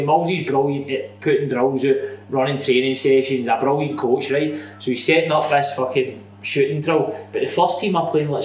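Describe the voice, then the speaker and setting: A Scottish man co-hosting a podcast, joking and telling stories in casual chat. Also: fairly high pitch. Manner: jokey, laughs through his stories. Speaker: podcast co-host. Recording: roomy echo.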